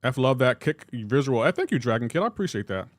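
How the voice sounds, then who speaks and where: A young man live-streaming a mobile game, joking back and forth with his chat in a casual, animated way. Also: mid-range voice, quick pace, dry recording, clean studio sound.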